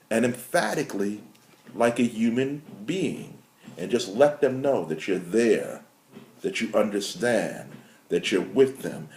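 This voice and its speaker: A man giving a casual, animated commentary as a marketing consultant, building to emphatic outrage. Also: mid-range voice, echoey room. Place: his apartment.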